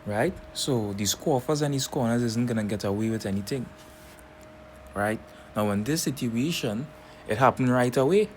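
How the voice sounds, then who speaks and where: A man teaching a scripture lesson who keeps checking in with "right?" and reads verses slowly and deliberately. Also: mid-range voice, slight background noise. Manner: keeps asking "right?" between points. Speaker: preacher.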